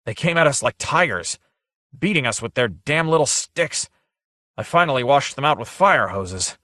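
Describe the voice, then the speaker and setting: A hot-tempered inn owner snarls and threatens, voiced by a man reading a storybook. His delivery is brusque and forceful, with a lively rise and fall. The recording is close and dry. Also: medium pitch, moderate pace, no room sound, voice pushed up. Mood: agitated. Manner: brusque and aggressive.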